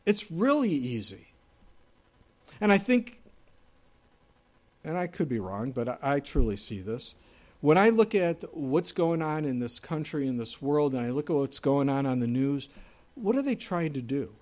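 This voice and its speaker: A man preaching a sermon in an earnest, conversational way, moving between loud and quiet passages and reading scripture aloud. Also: a little high. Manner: earnest, conversational preaching with wide swings in loudness. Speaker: pastor.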